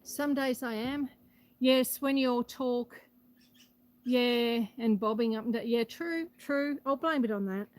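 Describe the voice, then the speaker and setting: A woman's voice: fairly high pitch, unhurried, no room sound, low-quality recording. A woman hosting a casual live stream on her property, a bit out of breath, chatting and reading out viewer comments. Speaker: homestead livestream host. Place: outdoors on a rural property. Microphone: phone held for live stream.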